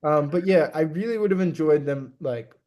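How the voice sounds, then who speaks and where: A man's voice: on the high side, moderate pace, warm tone. Rambling young man reviewing a movie. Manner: rambling, many restarts and fillers, acts out quotes in mock voices. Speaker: podcast co-host. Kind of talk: casual movie review chat.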